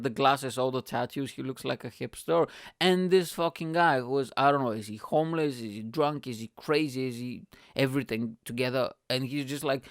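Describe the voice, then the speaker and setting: A man's voice: medium pitch, clean tone, dry recording, clean studio sound. A man hosting a podcast, telling a story in a rambling, profane way with frequent laughs. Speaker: podcast host. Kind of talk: casual storytelling.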